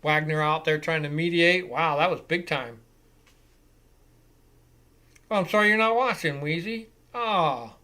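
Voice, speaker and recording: A man hosting a live football reaction show, giving excitable, profane play-by-play commentary. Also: on the high side, normal speed. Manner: excitable and profane, swears freely.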